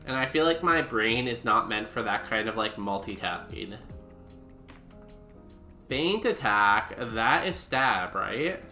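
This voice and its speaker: A man's voice: fairly low pitch, expressive, slow pace, bright, forceful tone. A man streaming a game, chatting casually with goofy, self-mocking humor. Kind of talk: casual gameplay commentary. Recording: roomy echo with music behind.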